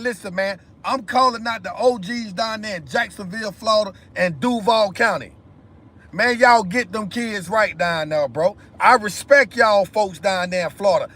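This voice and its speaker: Emphatic high-voiced man on a livestream. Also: a bit bright. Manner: emphatic, repetitive, addresses viewers directly. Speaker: live stream host. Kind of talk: impassioned commentary monologue.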